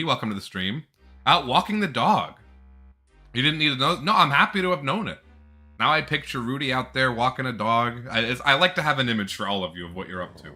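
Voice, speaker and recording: Very bright-voiced chatty male streamer. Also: on the low side. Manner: chatty, rambling, laughs a lot. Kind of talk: casual live-stream chat.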